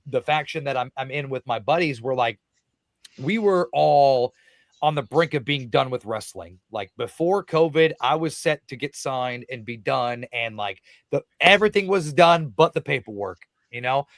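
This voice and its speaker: A man in his thirties, a wrestler guest on a podcast, telling stories in a lively, profane way and acting out other people's voices. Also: medium pitch, no echo, studio quality. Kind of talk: podcast interview, casual profane storytelling.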